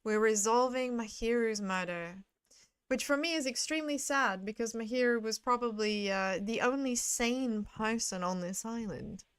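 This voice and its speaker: A woman's voice: fairly high pitch, moderate pace, clear, resonant tone. Chatty woman streaming a game. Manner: chatty, talks to chat between reading game lines. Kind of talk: casual game commentary.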